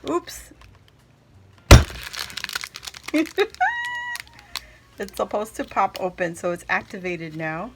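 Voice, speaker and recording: A woman hosting a casual unboxing vlog, gushing and excitable, with many exclamations as she opens mail. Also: fairly low pitch, moderate pace, hardly any pauses, background noise. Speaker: crafting channel host.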